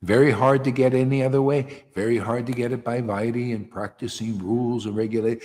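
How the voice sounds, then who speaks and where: A man leading a devotional gathering, preaching informally with emphatic rhetorical questions that rise to near shouts. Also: mid-range voice, steady tone, fairly quick, hardly any pauses, long reverb tail. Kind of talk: informal preaching to a small group.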